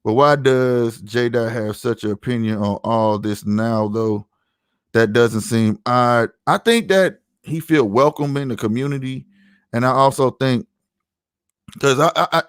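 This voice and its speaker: With clean studio sound and no room sound, this St. Louis man hosts a casual podcast in a medium-pitched voice at a moderate pace. He tells stories in slangy speech, often saying "you know what I'm saying."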